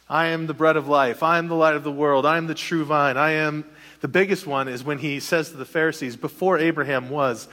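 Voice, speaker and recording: A man preaching a sermon, animated and now and then joking. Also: fairly high pitch, in a large hall. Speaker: pastor.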